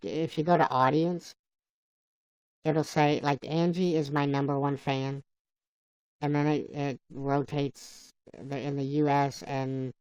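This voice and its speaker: A woman hosting a live stream, chatting casually and haltingly as she answers viewers by name. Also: sits low, darkish tone, smooth, no room sound. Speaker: livestream host. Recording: dull lo-fi dry sound.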